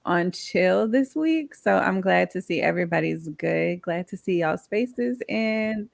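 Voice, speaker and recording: A woman's voice: fairly low pitch, expressive, unhurried, vocal fry, no room sound, studio quality. A woman co-hosting a casual podcast, chatty and friendly with her co-hosts. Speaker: co-host. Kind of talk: casual chat.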